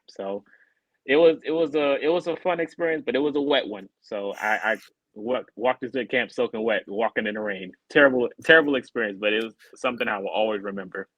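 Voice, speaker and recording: Talking fast at medium pitch, a man on a podcast relates a long story casually and animatedly acts out the voices of those involved. The highs are cut off, and there's no room sound.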